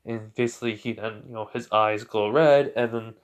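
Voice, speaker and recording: A man's voice: fairly low pitch, steady tone, moderate pace, clear, resonant tone. A man improvising a fan-fiction story in a casual, rambling way, full of fillers.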